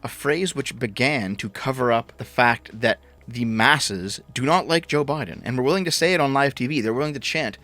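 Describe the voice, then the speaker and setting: A man's voice: medium pitch, normal speed, few pauses, bright, forceful tone, no echo. A man ranting as a political commentator, sarcastic and mocking, with frequent swearing.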